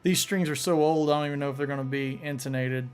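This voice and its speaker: A man's voice: on the high side, steady tone, quick pace. A man hosting a casual live stream, chatting loosely and often restarting his words while he demonstrates on guitar. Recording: guitar playing in the background.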